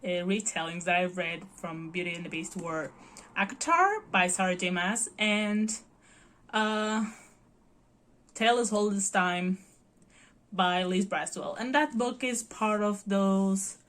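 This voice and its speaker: A woman's voice: medium pitch, slow pace, a bit bright. Bubbly young Portuguese woman. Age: early 20s. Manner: bubbly, giggly, gushing. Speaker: book vlogger. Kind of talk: casual chat.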